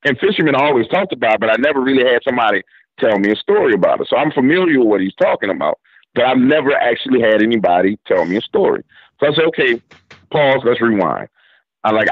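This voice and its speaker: A man's voice: medium pitch, lively intonation, quick pace, slightly rough, dry recording. A man from New Orleans with a New Orleans accent, a guest telling a story on a radio show in a casual, slangy way, acting out both sides of a conversation. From New Orleans, Louisiana. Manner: retells story with quoted back-and-forth dialogue, drawling casual slang. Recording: dull lo-fi radio audio.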